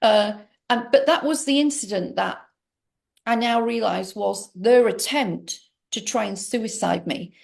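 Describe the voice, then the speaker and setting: A woman's voice: a little high, measured pace, creaky. A middle-aged woman telling a personal story to an interviewer in a rambling, emphatic way, full of restarts. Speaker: interview guest. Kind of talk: personal story told in conversation.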